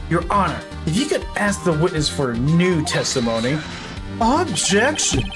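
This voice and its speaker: A woman's voice: sits low, animated, normal speed, over music. A woman in a casual let's-play, joking and swearing while she voices a story game's lines. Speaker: gamer playing and voicing a story game. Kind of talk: casual let's-play commentary and reading aloud.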